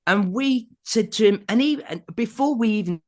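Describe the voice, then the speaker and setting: A man's voice: high voice, lively intonation, normal speed. A middle-aged man, a musician telling a long anecdote as a guest in a casual interview, laughing often as he goes.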